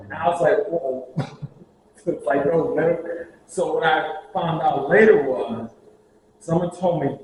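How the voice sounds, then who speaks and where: Man, animated storyteller, slightly high pitch, very echoey hall. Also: unhurried. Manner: animated, acts out dialogue, laughs at own stories. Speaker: prison ministry speaker. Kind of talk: storytelling talk to a group. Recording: very echoey room with faint hiss.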